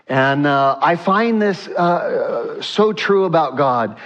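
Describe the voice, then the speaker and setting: A man's voice: a little high, expressive, slow, fairly bright tone. A man preaching a sermon in a conversational way, asking the congregation questions and acting out the text. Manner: conversational, asks the congregation questions, acts out quotes. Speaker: pastor. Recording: dull lo-fi sound.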